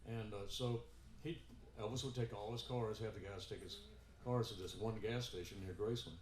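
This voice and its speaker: A man's voice: on the low side, fairly even intonation, normal speed, darkish tone, a little hiss or hum. A man telling a story between songs at a live in-store show, rambling with many fillers and restarts. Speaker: musician performing in-store. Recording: echoey store room with guitar.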